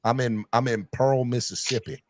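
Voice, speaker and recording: A man from North Carolina with a Southern accent, hosting a casual call-in sports chat, chummy and animated. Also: normal speed, no room sound, clean studio sound. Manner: animated, chummy, drifts from loud to low. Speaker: podcast host.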